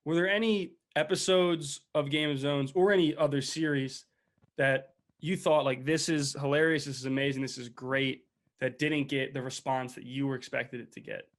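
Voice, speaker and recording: A man's voice: medium pitch, steady tone, normal speed. A man hosting a casual podcast interview, giving brief, encouraging replies. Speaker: podcast host.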